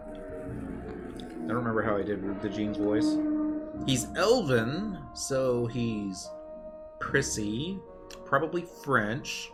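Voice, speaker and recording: A man giving casual, offhand gaming commentary between cutscenes, with quick, lively asides. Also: medium pitch, over music. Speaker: gamer reading cutscenes aloud.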